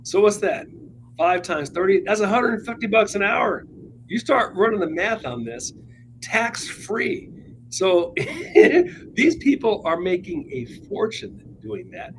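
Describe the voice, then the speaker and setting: A man co-hosts a talk show, spinning chatty, wry anecdotes with a lively, swooping delivery. His voice sits a little high for a man. He often laughs at his own points. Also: slow, a little hiss or hum, rough recording. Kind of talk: casual political chat, anecdotal storytelling.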